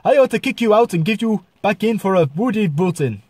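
An angry Irish barman, as a man puts him on, barking threats in a raised, high Irish voice. He is loud and menacing, and the sound is dry and close. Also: animated, brisk, breathy edge, no echo. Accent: Irish put on.

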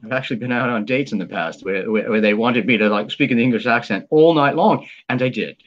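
Guy hosting a stream, excited and rambly, lots of uhs, a bit muffled. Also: mid-range voice, fast talker. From United States. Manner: enthusiastic, rambling, many fillers and restarts. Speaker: live stream host. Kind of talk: casual live stream chat.

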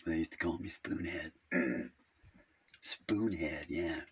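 A man's voice: low-pitched, slow, a bit bright, husky, heavily acted. A man playing a rambling, gossipy male Jehovah's Witness who halts, hums and giggles at his own crude jokes in an improvised comedy monologue.

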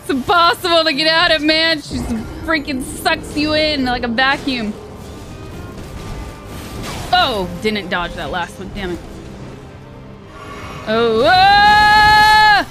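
A fairly high-voiced woman streamer talks slowly through a hard boss fight. Her commentary turns sarcastic and frustrated, with yells when she is hit. Game music plays clearly behind her. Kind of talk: live gameplay commentary.

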